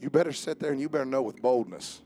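A man preaching a sermon. He jokes with the congregation and swings from soft asides to raised calls. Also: mid-range voice, quick pace, soft background music. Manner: joking with the congregation. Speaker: pastor. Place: church service with instrument behind.

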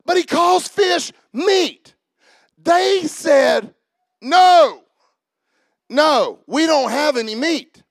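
A man preaching a sermon, animated and shouting, joking with the congregation. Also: very high voice, extremely slow, long pauses, no room sound. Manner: animated, shouting preaching with laughs and audience calls.

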